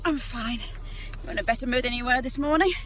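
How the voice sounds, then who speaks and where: A woman's voice: on the high side, fast talker, a bit bright, lightly acted. An actress playing a gossipy, affectionate woman. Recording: radio drama with background noise.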